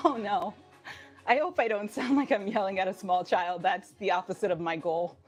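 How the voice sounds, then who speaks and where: With faint music behind her, a female fitness instructor talks casually to her live-stream viewers, cheerful, laughing a lot, and slightly breathless. She speaks at a moderate pace with a medium-pitched voice.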